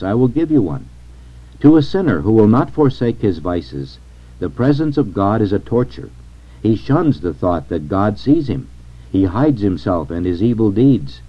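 A man reading a sermon aloud in a solemn, measured way. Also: fairly low pitch. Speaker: reader of a sermon. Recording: dull lo-fi recording.

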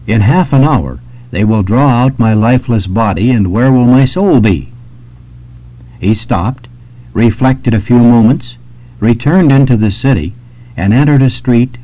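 Solemn low-voiced man reading aloud. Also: dark tone. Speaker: reader of devotional texts. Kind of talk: scripted narration. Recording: dull lo-fi recording.

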